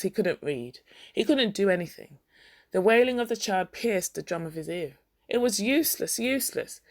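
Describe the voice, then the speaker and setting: A woman reading a classic short story aloud at a measured pace, stopping now and then to spell out and define a word. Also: mid-range voice. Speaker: story reader.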